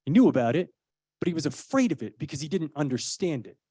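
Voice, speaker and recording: A man's voice: fairly high pitch, big pitch swings, fast, warm tone, slightly rough, no room sound, studio quality. A man, an actor and parent of a young child, giving an earnest, persuasive public speech with conversational personal stories. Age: adult parent of a young child. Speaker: actor speaking as a child-safety advocate.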